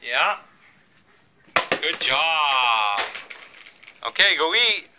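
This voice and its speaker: A man's voice: a little high, big pitch swings, extremely slow, noisy background. An older man with a Boston accent chatting casually in a home vlog, rambling and leaning on "you know" between folksy jokes. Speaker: vlogger.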